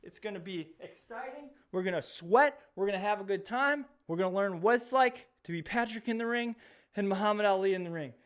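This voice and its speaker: A man's voice: high voice, fairly quick. A man hosting a live stream, chatting upbeat and a little out of breath as he talks straight to his viewers. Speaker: host of an educational live stream. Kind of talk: energetic live-stream talk to chat.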